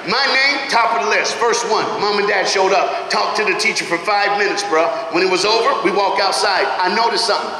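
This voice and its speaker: A man giving a motivational speech to students, animated, calling out to the crowd, laughing often and swinging from loud to hushed. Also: high-pitched, fairly quick, hardly any pauses. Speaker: motivational speaker. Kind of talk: school assembly motivational speech. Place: large school auditorium or gym. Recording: echoey hall with long reverb.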